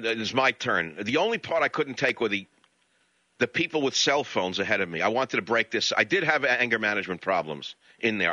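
A male talk radio host rants bluntly and sarcastically through a solo monologue. His voice is very bright and forward, close and dry, with a studio mic and a somewhat dull, lo-fi broadcast sound. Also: on the low side, dry recording.

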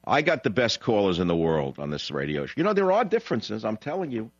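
A man hosting a call-in radio show, telling a long rambling anecdote in a blunt, digressive way, his voice jumping high when he retells what others said. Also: huge pitch swings, quick pace, dry recording, dull audio. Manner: blunt, digressive, frequent "blah, blah, blah". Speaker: radio talk show host.

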